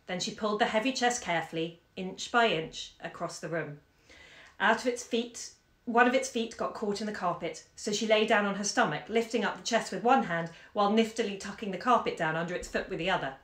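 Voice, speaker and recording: A woman bookseller reading a short story aloud on a live stream from home, measured and lively in the dialogue. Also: medium pitch. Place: home during lockdown. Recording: echoey room.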